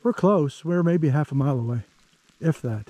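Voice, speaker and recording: A man narrating a hike to the camera on an outdoor canyon trail, easygoing and chatty, thinking aloud with pauses. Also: fairly high pitch, lively intonation, warm tone, dull audio. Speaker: travel vlogger.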